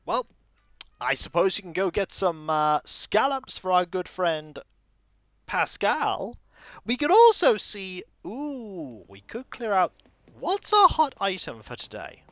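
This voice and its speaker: A man's voice: high-pitched, sing-song, slow, a bit bright, dry recording, studio quality, faint music behind. A man streaming a video game, rambling through jokey, self-mocking asides. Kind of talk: casual gaming stream commentary.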